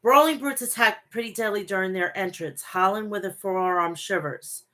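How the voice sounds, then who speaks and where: A woman hosting a wrestling show, giving a brisk play-by-play recap and often correcting herself mid-word. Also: mid-range voice, fairly bright tone.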